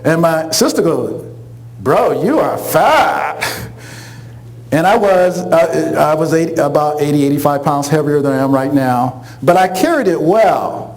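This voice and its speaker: A man's voice: a little high, normal speed, hardly any pauses, soft background music, rough recording. A middle-aged man telling a funny personal story, acting out the voices of the people in it. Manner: animated, acts out quoted voices, laughs along.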